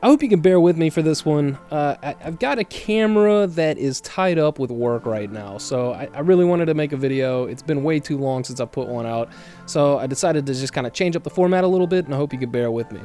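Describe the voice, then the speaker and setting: A man talks through his own commentary video in a halting way, pausing on fillers and sighing now and then. His voice sits a little high yet sounds warm and mellow. Faint music plays underneath. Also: animated. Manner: hesitant, with fillers and sighs. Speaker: YouTube commentator.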